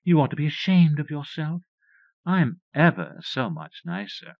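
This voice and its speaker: A man reading an audiobook and voicing a ghostly skull-headed maiden who speaks sweetly and slowly, coaxing. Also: fairly high pitch, sing-song, no echo, voice pushed up. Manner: sweet, wheedling, slow. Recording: muffled dry cassette recording.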